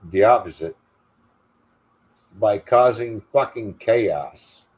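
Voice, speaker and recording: A man's voice: on the low side, slow pace, darkish tone. An older man hosting a livestream, delivering an angry, profane, defiant rant. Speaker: livestream host.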